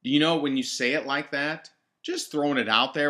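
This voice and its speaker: A man leads a team training session with a bright, forward tone. He coaches directly and drives his points home by repeating them. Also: a little high, steady tone, a little fast. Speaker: network marketing trainer.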